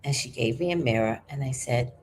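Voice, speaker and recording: A woman in her forties hosting a livestream, telling stories in a casual, animated way that swings from hushed to loud. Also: a bass voice, fairly quick, a little hiss or hum. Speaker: livestream host. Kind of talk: casual storytelling to a live chat.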